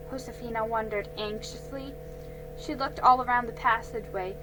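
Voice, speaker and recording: A woman reading a children's storybook aloud, slow and careful, with small slips she corrects. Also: on the high side, fairly even intonation, over music, low-quality recording.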